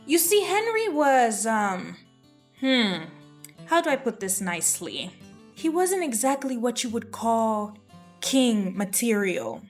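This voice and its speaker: A woman's voice: fairly high pitch, sing-song, a little slow, faint music behind. A woman host telling history in a casual, gossipy way, full of sassy, playful asides. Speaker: history vlogger. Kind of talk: casual chatty storytelling.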